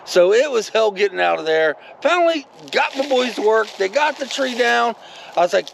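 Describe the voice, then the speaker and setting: A man with a high voice, rambling through a casual vlog story and talking straight to his viewers. His pitch jumps all over the place, with a gravelly rasp underneath and a faint hiss behind him. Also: moderate pace, poor audio. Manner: rambling and animated, many asides to viewers. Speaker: vlogger.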